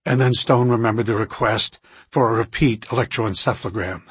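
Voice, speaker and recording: Husky male audiobook narrator. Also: medium pitch, fairly quick. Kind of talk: scripted narration.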